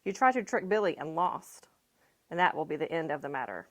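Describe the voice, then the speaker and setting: A woman's voice: sits low, animated, a little fast. A woman voicing a stern scolding father. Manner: firm, lecturing. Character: stern middle-aged father scolding his son.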